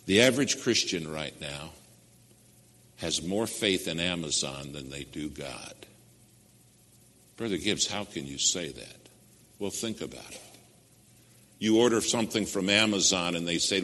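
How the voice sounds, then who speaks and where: A man preaching a sermon and telling stories, swinging between loud emphasis and hushed near-whispers. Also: low voice, lively intonation, normal speed. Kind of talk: sermon with storytelling. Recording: long hall reverb.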